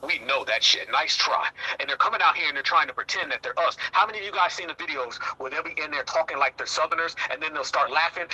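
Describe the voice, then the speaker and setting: A man's voice: on the high side, sharp tone, a little hiss or hum, poor audio. A man hosting a heated commentary talk show, emphatic and repetitive, often swearing. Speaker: host.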